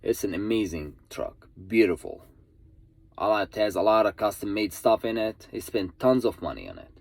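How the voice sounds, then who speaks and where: A man's voice: lowish voice, sing-song, normal speed, gravelly, a little mellow, no room sound. A truck driver vlogger, a man telling a story in a casual, earnest way, repeating himself and pleading with other drivers to stay safe.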